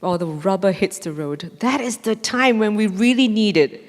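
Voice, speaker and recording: A woman, a mindfulness trainer telling a lively story on stage in a conference talk. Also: medium pitch, moderate pace. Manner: animated, acts out dialogue with laughs. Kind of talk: storytelling lecture. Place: large conference hall. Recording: long hall reverb.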